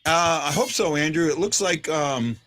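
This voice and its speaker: A man's voice: a little high, normal speed, fairly bright tone. A man hosting a casual sports chat, rambling with lots of fillers and restarts. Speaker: podcast host.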